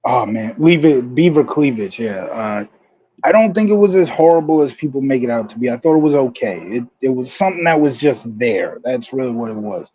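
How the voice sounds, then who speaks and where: A man co-hosting a wrestling podcast, reminiscing in relaxed, offhand casual chat. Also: mid-range voice, a little fast, husky, highs cut off. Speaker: podcast co-host.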